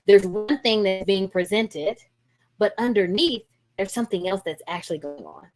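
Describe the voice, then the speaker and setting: A middle-aged woman counselor talks casually through a parenting workshop over a video call. She keeps the talk lively and often acts out what parents and kids might say. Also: medium pitch. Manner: lively and conversational, acting out parents' lines.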